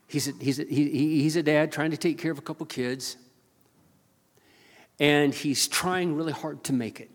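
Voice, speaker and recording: An older male pastor tells a story from the pulpit, earnest and halting, doubling back over his own words. His voice sits slightly high for a man. A long hall reverb trails each phrase. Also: steady tone. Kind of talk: sermon storytelling.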